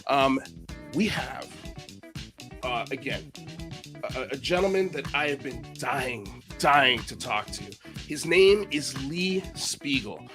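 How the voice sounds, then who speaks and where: A man's voice: mid-range voice, lively intonation, slow pace, bright, forceful tone, faint music behind. A man hosting a casual livestream interview, upbeat and self-deprecating, joking about his own mistakes. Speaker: host.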